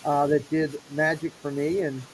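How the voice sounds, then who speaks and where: A man's voice: a little high, level tone, moderate pace, a little hiss or hum, poor audio. A middle-aged man hosting a casual show, animatedly acting out the people in his story. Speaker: show host.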